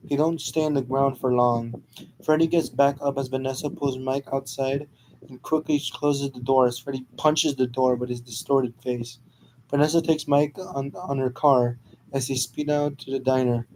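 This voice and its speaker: A man narrating a fan story in a quick, casual, unpolished reading style that has stumbles and restarts. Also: mid-range voice, fairly even intonation, a little mellow, slight background noise, rough recording.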